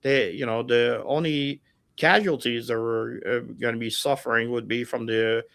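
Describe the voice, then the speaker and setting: A man's voice: mid-range voice, fairly even intonation, moderate pace, fairly bright tone, dry recording. A middle-aged man in a casual chat, telling stories with energy, full of fillers, laughing and putting on voices for the people in them. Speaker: guest storyteller. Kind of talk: casual storytelling. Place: home setup over a livestream call. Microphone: remote call mic.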